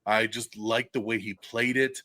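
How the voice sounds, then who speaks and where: A man hosting a podcast, reviewing a movie in casual, excited chat. He swears freely and laughs often. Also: fairly low pitch, moderate pace, no room sound. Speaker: podcast host. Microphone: podcast mic, recorded live for video stream.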